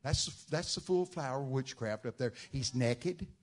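A man preaching a sermon, telling Bible stories with dramatic shouted outbursts. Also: medium pitch, lively intonation, a little slow. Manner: dramatic storytelling, bursts into loud shouted quotes.

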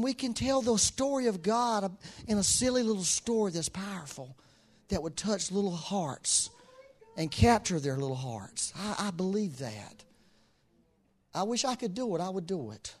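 High-voiced, animated man preaching. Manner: animated, conversational, chuckles often. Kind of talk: sermon.

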